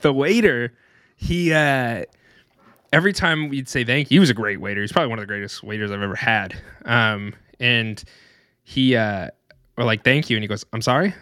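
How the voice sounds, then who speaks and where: A man's voice: mid-range voice, normal speed, pushed and bright, no echo, studio quality. A young man co-hosting a podcast, telling rambling stories in casual chat and laughing often. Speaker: podcast co-host.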